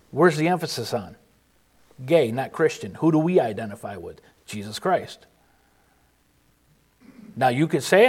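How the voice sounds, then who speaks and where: A man preaching an informal sermon, earnest and emphatic, often restarting and pausing mid-thought. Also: mid-range voice, big pitch swings, darkish tone, slightly rough. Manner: earnest, emphatic, with frequent restarts and halting pauses.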